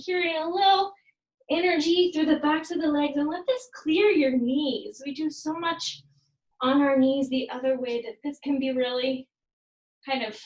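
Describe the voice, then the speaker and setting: A woman instructor leading a yoga and fitness class, calmly cueing each movement and counting reps down, sometimes adding Spanish phrases. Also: high-pitched, roomy sound, rough recording. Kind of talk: guided workout instruction with counting.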